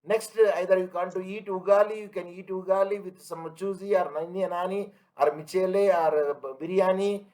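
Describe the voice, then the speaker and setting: A man's voice: high-pitched, steady tone, a little fast, few pauses, darkish tone, low-quality recording. A man teaching an online class, repeating his points and asking students if they follow. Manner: everyday analogies, emphatic. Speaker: lecturer.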